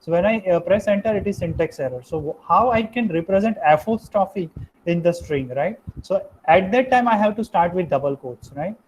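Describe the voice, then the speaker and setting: A man's voice: high voice, lively intonation, normal speed, a little mellow, slight background noise, low-quality recording. A young man giving a live online programming lesson, explaining step by step and ending many sentences with "right?". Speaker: programming instructor.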